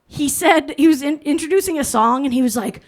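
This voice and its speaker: Female stand-up comic, high voice, chatty delivery with laughs on a stage mic. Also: brisk. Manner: chatty, laughs through her jokes. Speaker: stand-up comedian. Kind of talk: stand-up comedy set. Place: comedy stage before a live audience.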